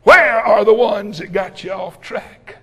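A man voicing Jesus as a gentle, forgiving teacher in a sermon retelling. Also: sits high, unhurried, long reverb tail, highs cut off, soft background music, full character voice. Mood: solemn.

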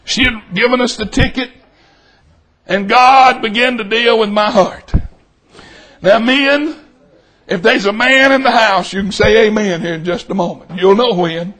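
A middle-aged man preaching a storytelling sermon, shouting for emphasis and then dropping to a hush. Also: sits high, measured pace.

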